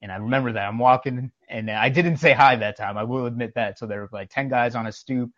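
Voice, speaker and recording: A man's voice: medium pitch, a little fast, a bit bright, no room sound, highs cut off. Emphatic man telling street stories. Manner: emphatic, preachy, tells anecdotes with quoted dialogue. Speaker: podcast co-host. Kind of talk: casual podcast storytelling.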